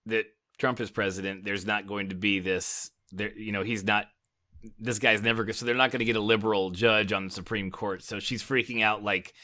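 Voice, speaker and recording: American dude on a recap podcast, bright voice, gets loud and laughy when he quotes stuff. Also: on the low side, fairly quick. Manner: animated, laughing, quotes characters in raised voices. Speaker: podcast co-host. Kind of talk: casual chat, episode recap.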